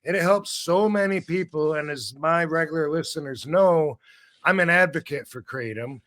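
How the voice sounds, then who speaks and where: A man's voice: fairly high pitch, normal speed, a bit bright. Rambling, profane man hosting a podcast. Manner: rambling, profane, self-interrupting. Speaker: podcast host. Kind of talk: casual podcast chat.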